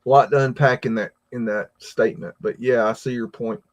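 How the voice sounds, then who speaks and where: An American man hosting a live stream, chatting casually and reading viewer comments, with a rambling, halting delivery full of repeated words and fillers. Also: medium pitch, steady tone. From United States. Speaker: livestream host reading chat.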